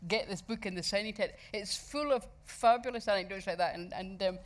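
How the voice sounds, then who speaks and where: A woman's voice: medium pitch, brisk. Woman chairing a festival book talk. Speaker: event chair. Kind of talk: chairing a live book event.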